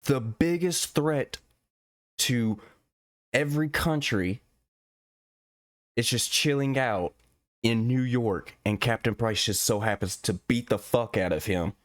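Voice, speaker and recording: A man's voice: mid-range voice, no echo, clean studio sound. A man giving a profane, exasperated rant as a gaming commentator. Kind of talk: ranting video commentary.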